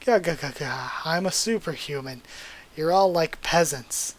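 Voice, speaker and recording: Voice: mid-range voice, a little slow, close to an everyday voice. A manga reader voicing a boastful, cackling male thug villain with broken speech.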